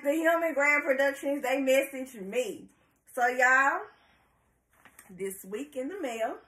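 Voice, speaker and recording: A bubbly woman chats to her viewers, her voice bright and fairly high. She speaks slowly and laughs often. The sound echoes around a room at home. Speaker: YouTube reviewer. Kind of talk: excited casual vlog.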